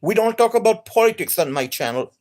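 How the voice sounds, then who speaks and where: A woman with an accent, an energetic and enthusiastic gaming streamer chatting live to viewers. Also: medium pitch, brisk. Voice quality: non-native accent.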